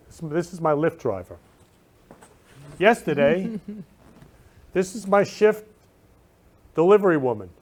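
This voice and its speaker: A male host talks from his room in a fairly high voice that swings widely up and down. He is effusive and leans hard on his words, repeating the same warm phrases again and again. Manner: effusive, repeats loving phrases with emphatic stress. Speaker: show host. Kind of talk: casual talk show monologue.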